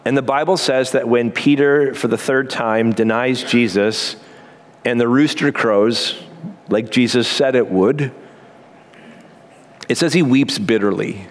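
A man preaching a sermon as pastor, earnest and emphatic, with quick asides and slow pauses. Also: mid-range voice.

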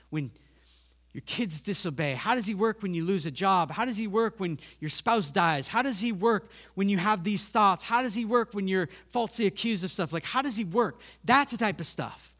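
Guy preaching a sermon, pretty high voice, gets animated and does little voices, jokes on himself. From Montreal. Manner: animated, acts out voices and asides, self-deprecating humor. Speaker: pastor.

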